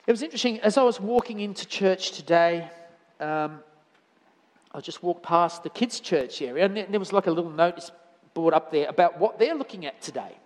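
A man's voice: high voice, expressive, a little fast. A man giving a conversational sermon in church, telling anecdotes with frequent restarts. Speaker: lay preacher. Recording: church hall reverb.

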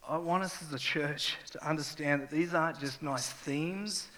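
A middle-aged man preaches from a church stage, his slightly high voice swelling from quiet reflection into raw, impassioned testimony. His words ring out with a long, spacious reverb from the hall around him. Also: moderate pace. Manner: raw, emotional testimony with rising intensity. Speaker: pastor. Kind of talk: sermon.

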